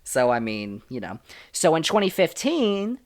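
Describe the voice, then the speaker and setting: Man, sports podcast host, opinionated, emphatic, loud-soft swings. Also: on the high side, wildly swooping pitch, measured pace. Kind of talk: solo sports podcast commentary.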